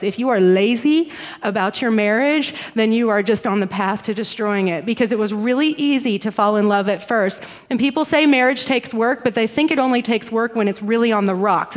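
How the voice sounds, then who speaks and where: Bubbly woman preaching in a church hall. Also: a little high. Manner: bubbly, laughing storyteller. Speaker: pastor's wife co-preaching. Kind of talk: sermon with personal storytelling. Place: church stage. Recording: long reverb of a church hall.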